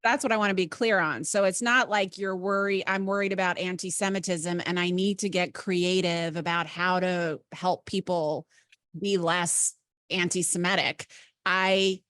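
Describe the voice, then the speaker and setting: A woman's voice: fairly low pitch, fairly even intonation, moderate pace, a bit bright, no echo, clean studio sound. A woman hosting a podcast interview, reflecting on and summarizing her guest's ideas. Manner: thoughtful, reflects back and summarizes the guest's points. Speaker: podcast host. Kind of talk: conversational interview.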